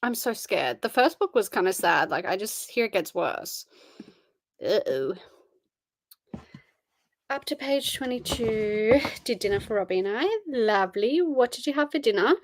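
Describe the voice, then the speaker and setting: A woman's voice: mid-range voice, animated, unhurried, dry recording. A tired young woman, chatting casually on a livestream and answering chat messages. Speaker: livestream host. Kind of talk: casual live-stream chat.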